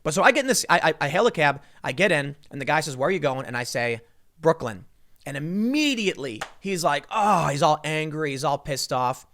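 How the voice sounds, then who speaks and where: A man's voice: on the high side, animated, fairly quick, a bit bright, slight background noise. A man hosting a casual commentary monologue, talking emphatically with frequent restarts as he tells a story. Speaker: political commentary host.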